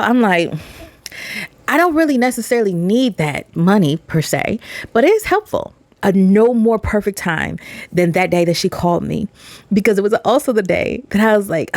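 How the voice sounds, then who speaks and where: A woman hosting a faith-based motivational talk, animated and preachy. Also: no echo. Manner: animated, preachy, acts out voices with pitch jumps. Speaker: podcast host and motivational speaker.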